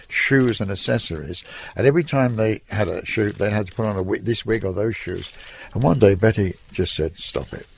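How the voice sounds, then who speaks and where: On the low side, this older Irish man's voice comes with a little hiss or hum in the recording. He is a photographer recounting his career in a relaxed storytelling interview, chatty and laughing between lines.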